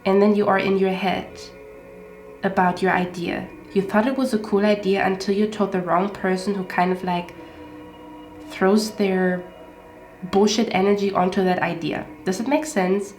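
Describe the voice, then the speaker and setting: A woman's voice: mid-range voice, steady tone, normal speed, reverberant, faint music behind. A woman with a congested, stuffy voice from a cold, giving a chatty pick-a-card tarot reading with many fillers. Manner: chatty, with frequent fillers and soft asides.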